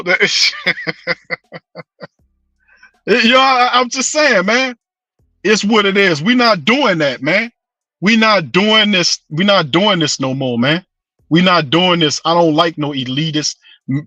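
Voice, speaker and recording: A man's voice: on the high side, pushed and bright, dry recording. A man hosting a sports show, ranting with passion and slang, calling his listeners fam and bro. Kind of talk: fired-up sports fan rant.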